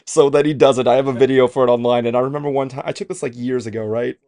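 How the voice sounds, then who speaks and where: A man's voice: mid-range voice, fairly even intonation, fast talker, darkish tone. A man co-hosting a trailer reaction show in casual chat, rambling and self-deprecating and swearing freely as he goes.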